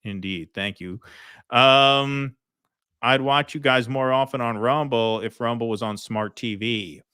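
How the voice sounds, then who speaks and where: A man's voice: medium pitch, a little slow, bright, forceful tone, clear, resonant tone, no room sound, studio quality. A man hosting a casual political livestream, reading out viewer comments and thanking donors, chatty with many ums and restarts. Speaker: host reading viewer super chats.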